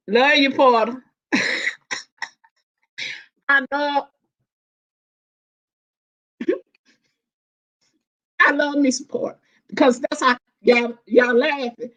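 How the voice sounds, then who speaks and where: A woman talks casually on a live stream, animated and quick to laugh, drawing out her words at an unhurried pace. Her voice sits a little high for a woman. The audio is dull and lo-fi. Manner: animated, laughing, Southern-inflected slang.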